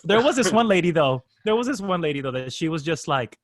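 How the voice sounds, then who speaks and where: A man's voice: on the high side, very animated, fast, no echo, studio quality. A man improviser telling stories in casual conversation, often slipping into voices and accents as he goes. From Miami area. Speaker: improviser and guest. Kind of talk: casual storytelling.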